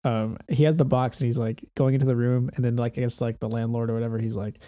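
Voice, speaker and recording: A man talks through a film scene in casual, rambling chat, slipping into quoted lines along the way. His voice is warm and mellow. The recording is dry, with no room sound. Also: medium pitch, fast, no room sound. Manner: rambling, animated, acts out quotes. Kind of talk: casual movie discussion.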